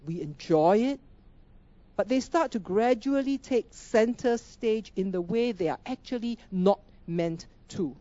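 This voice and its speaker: A woman's voice: medium pitch, lively intonation, unhurried, warm tone, dry recording, lo-fi sound. Emphatic woman preaching a sermon. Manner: emphatic, rhetorical questions, repeats phrases.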